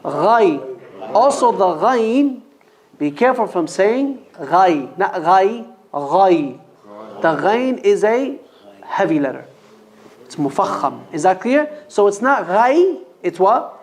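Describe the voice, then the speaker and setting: A man's voice: high voice, big pitch swings. A man teaching Quran reading at a mosque, drilling letter sounds and quizzing his class with short questions. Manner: slow, patient drilling with quiz questions to the class. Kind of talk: call-and-repeat pronunciation lesson.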